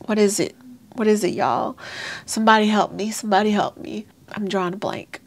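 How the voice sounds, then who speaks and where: A woman in her thirties tells her own painful story to her viewers, halting and emotional, calling them y'all. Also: medium pitch. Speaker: vlogger sharing a birth story. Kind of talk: personal storytelling to camera.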